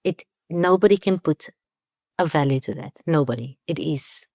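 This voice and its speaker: A South African woman who makes wine speaks as a guest in a relaxed interview, her voice low and her pace normal. She tells stories warmly and acts out the dialogue she quotes. The recording is studio quality with no room sound.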